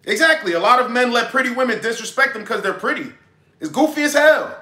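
A young man with a high, bright, ringing voice lectures his viewers on a casual livestream. He is brash and preachy and swears freely. The room around him sounds echoey. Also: lively intonation, fast talker. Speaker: dating advice streamer.

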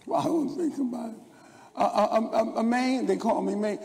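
Gravelly older preacher in a reverberant hall. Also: male voice, extremely high pitch, normal speed, a little mellow. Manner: rambling storytelling with stammered restarts. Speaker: pastor. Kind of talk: sermon. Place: church sanctuary. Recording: long church hall reverb.

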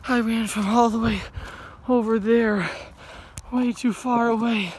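A woman's voice: fairly high pitch, a little slow, a little hiss or hum. Breathless woman vlogging a mock adventure. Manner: deadpan, jokey, mock-serious warnings. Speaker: vlog host. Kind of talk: mock-dramatic adventure narration. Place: outdoors in a swampy field.

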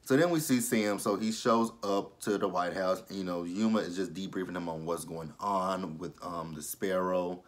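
A man with a lowish voice recaps a TV episode in a relaxed, chatty way. He keeps up blunt, sarcastic commentary and swears freely as he goes. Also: moderate pace, few pauses. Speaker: TV show reviewer.

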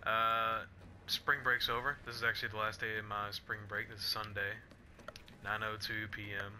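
A man's voice: on the low side, level tone, moderate pace, pushed and bright, slight background noise. A young man telling a rambling story in casual chat while playing a game, with frequent restarts and fillers, breaking off now and then to react to the action. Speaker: gamer vlogger. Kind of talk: casual chat over gameplay.

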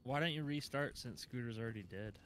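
A man's voice: mid-range voice, expressive, a little fast, fairly bright tone. A man teasing his teammates dryly during a tactical game. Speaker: gaming teammate. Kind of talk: casual gaming banter.

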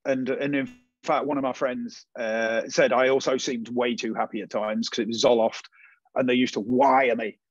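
A man's voice: medium pitch, steady tone, moderate pace, no echo, lo-fi sound. A man, a guest in a casual interview, telling his story animatedly and acting out the voices of people he quotes.

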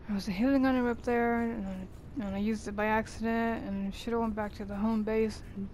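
A woman's voice: a little high, fairly even intonation, a little fast, darkish tone, a little hiss or hum. A woman commenting on her own video game playthrough, swearing heavily and ranting in exasperation. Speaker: gamer. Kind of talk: let's play commentary. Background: game music.

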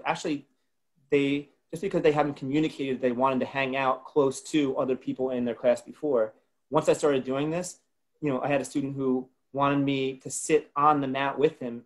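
Man from New Jersey, laid-back webinar co-host, lots of "like". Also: medium pitch. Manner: casual, full of filler words like "like". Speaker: co-host presenter. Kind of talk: casual webinar discussion.

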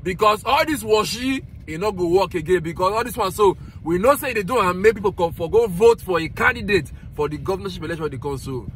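Chuckling Nigerian vlogger with a high voice. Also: male voice, lively intonation, fast talker, hardly any pauses, slight background noise. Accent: Nigerian Pidgin English. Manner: chuckling, urging viewers to share. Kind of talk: casual video commentary.

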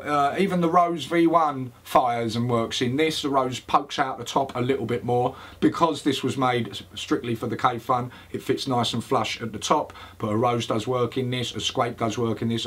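A man talks through a product review like a chat with mates, rambling and peppering his talk with fillers and swearing. His voice is husky and a little breathy, at an ordinary middle pitch. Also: a bit bright. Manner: chatty, swears, laughs often, many fillers.

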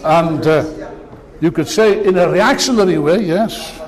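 In a large meeting hall with long reverb, a man gives an impassioned political speech to an audience, throwing in mocking asides. His voice is high and his delivery unhurried.

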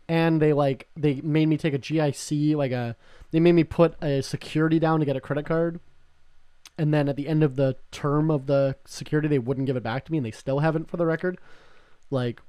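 A man's voice: on the high side, steady tone, fairly quick, dark tone, smooth, no echo. A young man from Canada co-hosting a podcast, talking in a rambling, profane way with many restarts. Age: young adult. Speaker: podcast co-host. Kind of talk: casual chat.

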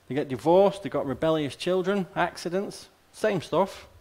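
A man's voice: a little high, normal speed, darkish tone. A male pastor delivering a sermon in a conversational, plain-spoken way, often tossing rhetorical questions and wry asides to the congregation. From Australia.

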